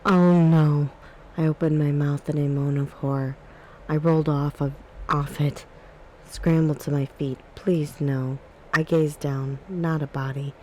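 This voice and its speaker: Soft-spoken woman in a calm ASMR reading. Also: low-pitched, normal speed, a little hiss or hum, rough recording. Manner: calm, even storybook reading. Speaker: ASMR book reader.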